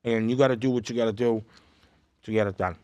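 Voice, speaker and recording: A man with a thick Boston accent chats as a podcast guest and spins animated, boastful stories with a wink in them. His voice sits at a middle pitch. The studio sound is dry and close. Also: fast, clean tone, no room sound. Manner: animated storyteller, jokey and boastful. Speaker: guest comedian. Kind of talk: casual podcast chat.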